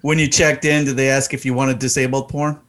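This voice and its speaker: A man's voice: medium pitch, flat delivery, a little fast, a bit bright. A man in casual podcast chat, reacting with crude jokes. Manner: crude joking banter.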